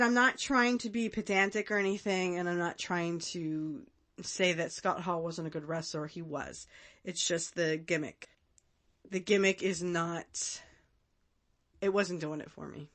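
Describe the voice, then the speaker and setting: A woman in her thirties hosts a casual podcast. Her voice sits a little low but sounds bright and forceful, and she chats loosely, with plenty of fillers and quick laughs. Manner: chatty, laughs often, many fillers. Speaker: podcast host. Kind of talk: casual commentary.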